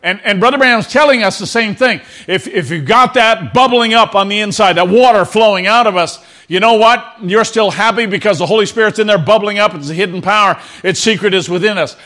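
A man's voice: high voice, fairly quick, hardly any pauses, pushed and bright. A man preaching a sermon to his congregation, earnest and prone to repeating words, asking them to answer back. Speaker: pastor. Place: church before a congregation.

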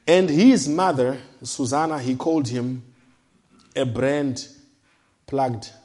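A man preaching a sermon, emphatic, rising to loud declarations and dropping to soft low asides. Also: takes it slowly.

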